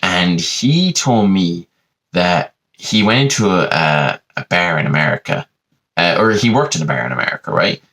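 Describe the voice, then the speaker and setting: A man's voice: low-pitched, lively intonation, normal speed, fairly bright tone. A man with an Irish accent hosting a podcast, telling a digressive comic monologue full of "you know" asides. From Ireland. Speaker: podcast host.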